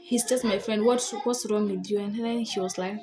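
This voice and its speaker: A young girl vlogger, heard as a female voice of medium pitch with a steady tone and moderate pace, tells a storytime. She chattily and indignantly retells an argument, packed with "I was like" quotes.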